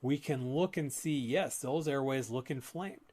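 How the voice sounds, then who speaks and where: A man's voice: mid-range voice, unhurried, darkish tone, slightly rough. Man explaining lung health, casual and plain. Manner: conversational, explanatory, with frequent restarts. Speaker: respiratory therapist and show host. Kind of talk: live educational talk.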